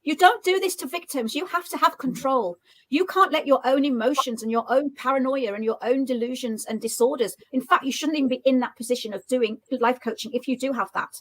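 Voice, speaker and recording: A woman co-host speaks in a high, rapid voice, indignant and pressing her points. It is casual online discussion talk. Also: a little hiss or hum, low-quality recording.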